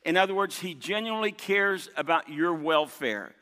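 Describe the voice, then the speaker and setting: Male pastor, sermon, emphatic, repeats key lines, bright ringing voice, slightly high pitch, long church reverb. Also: animated, moderate pace. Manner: emphatic, repeats key points, calls on the congregation. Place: large church sanctuary. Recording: long reverb of a big hall.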